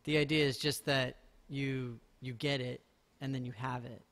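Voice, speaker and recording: A man's voice: medium pitch, fairly even intonation, moderate pace, fairly bright tone. A man streaming a game live, talking casually in a rambling way and making self-mocking jokes.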